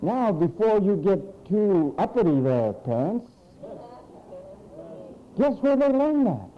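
Animated preacher, high lively voice. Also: male voice, slow pace, muffled recording, a little hiss or hum. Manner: animated, mocking impersonations of frantic people. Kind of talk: sermon. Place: church.

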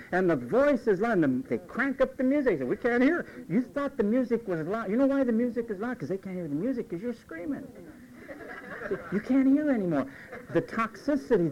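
A man's voice: sits high, low-quality recording. A man preaching a conversational sermon as pastor, acting out quoted voices along the way. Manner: animated, acts out quoted voices.

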